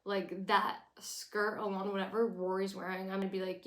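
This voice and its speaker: Young woman vlogger, snarky and blunt, mid-pitched, recorded in an echoey room. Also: little pitch movement, moderate pace, a bit bright. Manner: sarcastic, opinionated, blunt. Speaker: recap vlogger. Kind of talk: casual recap commentary.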